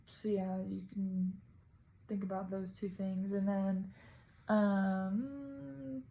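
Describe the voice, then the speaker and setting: A woman's voice: medium pitch, fairly even intonation, very slow, vocal fry, dark tone, low-quality recording. A woman casually talking through her reading of a poem, tentative and thinking aloud as a student presenting. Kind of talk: casual spoken poem analysis.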